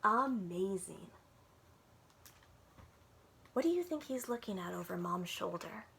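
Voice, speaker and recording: A woman's voice: mid-range voice, sing-song, a little fast, creaky, darkish tone, slight background noise. A woman working as a children's librarian, reading picture books aloud to young listeners in a sing-song way and often stopping to ask them questions.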